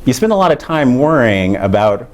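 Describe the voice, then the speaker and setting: A middle-aged man giving an academic lecture, explaining ideas in a measured way with frequent fillers. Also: mid-range voice, very animated.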